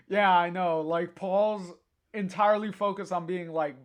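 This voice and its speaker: A man's voice: high-pitched, steady tone, measured pace, smooth. A young man casually reading a comic aloud on a livestream, chatty and full of fillers, restarts and laughs. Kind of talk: casual live reading and commentary.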